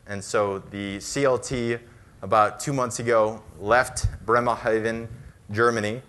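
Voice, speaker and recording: A man's voice: fairly low pitch, steady tone, fairly bright tone. American man giving a conference talk. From United States. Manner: conversational, brisk storytelling with fillers. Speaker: conference speaker.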